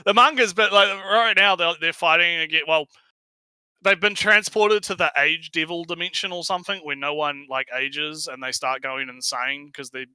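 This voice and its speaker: A man's voice: fairly high pitch, steady tone, normal speed, sharp tone, clear, resonant tone, no echo. A man chatting casually on a stream, rambling and swearing, often laughing. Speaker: stream co-host. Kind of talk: casual chat.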